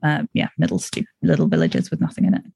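A woman's voice: deep voice, huge pitch swings, fast talker, gravelly, dark tone, slightly rough, no room sound. An English woman co-hosting a podcast, chatting casually, wandering into tangents and laughing often. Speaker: podcast co-host. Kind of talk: casual chat.

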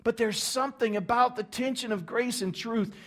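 High-voiced animated preacher, man. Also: moderate pace. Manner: animated storytelling, acting out crowd reactions. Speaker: pastor. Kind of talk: sermon.

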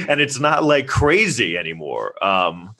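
A man from New York City hosts a casual podcast chat. His voice sits on the low side but sounds bright and forceful. He rambles, stacking fillers and slipping into animated quoted asides. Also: unhurried, creaky. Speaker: podcast host.

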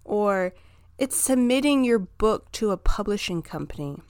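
A woman hosting a self-help podcast, talking through her ideas in a calm, reflective, encouraging monologue. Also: medium pitch, measured pace, smooth, dry recording, clean studio sound. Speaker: podcast host.

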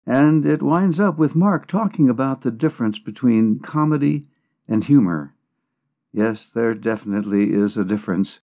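A man's voice: medium pitch, lively intonation, normal speed, dark tone, dull audio. A man co-hosting a comedy podcast, trading playful wisecracks with his partner. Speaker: podcast co-host. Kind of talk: casual comic chat.

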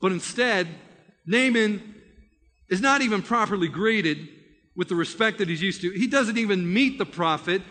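High, bright-voiced preacher telling a story. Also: male voice, in a large hall. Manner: animated, vivid retelling with frequent restarts. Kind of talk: storytelling sermon.

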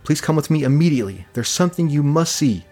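A man's voice: on the high side, expressive, quick pace, warm tone, faint music behind, pitched above the performer's own voice. A man voicing a commanding, regal queen who speaks with urgency. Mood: urgent. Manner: urgent, imperious. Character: commanding middle-aged woman queen, regal.

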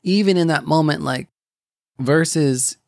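Gravelly young man sharing a faith story. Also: a little high, no room sound, clean studio sound. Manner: rambling, halting, many restarts and fillers. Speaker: podcast host. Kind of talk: personal faith testimony.

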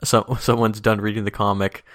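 Guy with a lowish voice co-hosting a podcast, rambly, lots of likes and little laughs, dry close sound. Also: level tone, a bit bright, dry recording. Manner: rambling with many likes and restarts, quick laughs. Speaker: podcast co-host. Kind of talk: casual chat.

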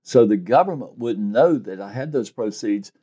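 A man voicing a tearful elderly grandmother who has been caught stealing and pleads in a high, shaky voice. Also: expressive, normal speed, dark tone, slightly rough. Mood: confessing.

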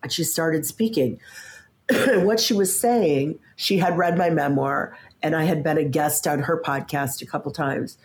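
A woman in her fifties with a low, deep voice, chatting as an interview guest. She talks with energy and often repeats the first word while she finds her thought. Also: measured pace. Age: 50s. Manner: animated, stammers at starts, acts out quoted voices. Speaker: podcast guest, coach and author. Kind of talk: casual interview chat.

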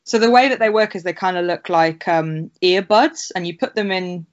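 A woman talking in a relaxed podcast conversation, with a slightly low voice. She explains things at length, full of "like" and "sort of". The recording sounds dull and lo-fi. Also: moderate pace. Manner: explains at length with many "like" fillers. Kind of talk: casual chat.

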